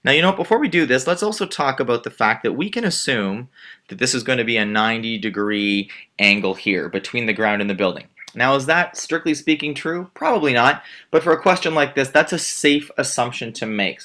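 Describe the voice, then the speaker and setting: A man's voice: medium pitch, fairly quick, pushed and bright. A male math teacher patiently walking through a word problem step by step while drawing a diagram. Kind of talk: screen-recorded math lesson.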